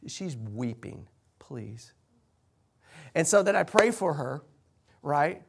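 A man pastor telling a story in a sermon, animated and rambling, shouting for emphasis before a congregation. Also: on the high side, normal speed, vocal fry.

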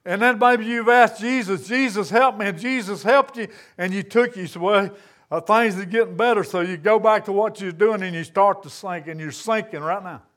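A man with a high voice preaches a sermon to his congregation. He speaks earnestly in plain, folksy grammar. His delivery rises and falls in a steady preaching cadence. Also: normal speed.

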